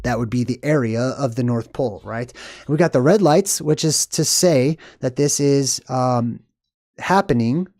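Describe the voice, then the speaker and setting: A man's voice: medium pitch, a little slow, darkish tone, no echo, clean studio sound. A man giving casual, rambling movie commentary in a conspiratorial way, often ending points with "right?".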